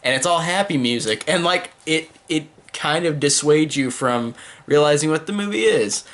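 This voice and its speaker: A man's voice: on the high side, expressive, moderate pace, a bit bright. Casual male reviewer, loose and unscripted, filler-heavy, eager and gushing. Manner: rambling, heavy use of "like" and "um"; enthusiastic, gushing praise. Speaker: horror movie reviewer.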